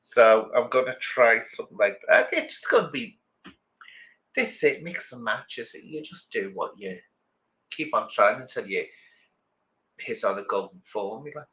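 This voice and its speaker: A man's voice: mid-range voice, big pitch swings, normal speed, pushed and bright, low-quality recording. A middle-aged man, chatting casually with viewers on a livestream and rambling from one thought to the next. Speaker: livestream host.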